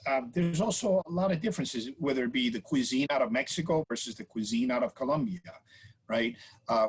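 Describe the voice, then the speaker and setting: A man's voice: medium pitch, breathy edge, poor audio. A man as a podcast guest, explaining in casual interview talk and checking in with frequent "right?" and "you know" tags.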